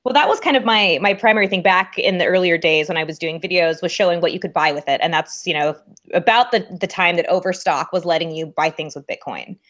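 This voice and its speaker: A woman's voice: lowish voice, quick pace, fairly bright tone. A woman guest on a chat show, talking in a light, friendly way and laughing easily. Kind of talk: casual chat.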